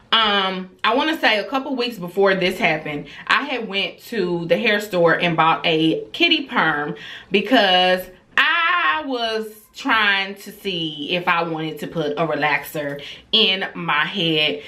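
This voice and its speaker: A woman in her thirties tells a storytime to her viewers with a bright, forceful voice. She talks casually and animatedly, acting out her children's voices along the way. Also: medium pitch. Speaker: vlogger telling a story.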